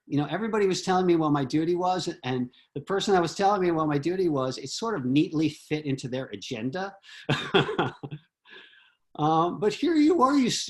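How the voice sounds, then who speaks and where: A man on a video call, earnestly telling a personal memory with many fillers and restarts. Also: fairly high pitch. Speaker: disciple giving homage.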